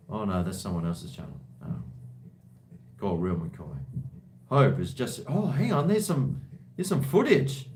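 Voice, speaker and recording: An Australian man hosting a live stream from home, chatting in a rambling way and reading viewer comments aloud. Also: medium pitch. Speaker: livestream host. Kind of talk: casual live-stream chat.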